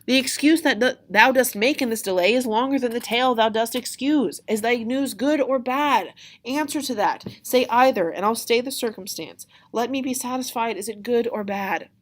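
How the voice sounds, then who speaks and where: A woman reading a play aloud in class, voicing a young teenage girl who is impatient and lovesick, in a higher, louder and pleading delivery. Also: normal speed, close to an everyday voice. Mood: exasperated.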